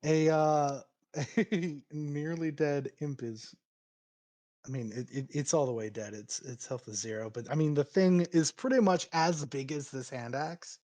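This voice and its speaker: A man running a tabletop game as game master, narrating with frequent laughs and halting restarts. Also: a little high, fairly even intonation, darkish tone.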